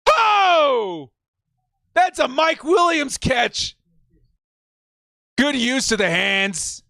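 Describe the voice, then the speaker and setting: A man hosts a live stream, his high voice roughened with a gravelly edge. He talks in an excited rush, breaking into shouts and whoops. The sound is dry and close to the mic. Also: extremely slow, no echo.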